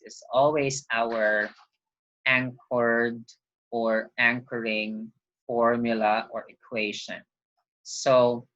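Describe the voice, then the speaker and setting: Slow-talking man teaching accounting. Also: mid-range voice, pushed and bright. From Philippines. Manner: patient, step-by-step explaining with repeated reminders. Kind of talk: recorded online lecture. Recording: dull lo-fi recording.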